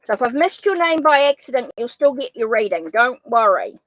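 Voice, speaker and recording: This tarot streamer's fairly high, somewhat bright voice swings widely in pitch as she talks at a moderate pace, typing up viewers' names while apologizing and musing aloud in casual chat. She remarks on her own funny accent. There's no echo, but the audio is poor.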